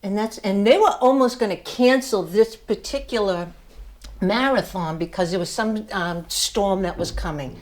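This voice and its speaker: An older woman, a student speaker, gives a motivational speech to her class, telling a story with emphasis and laughing at herself. Her voice is medium-pitched and darkish, at normal speed.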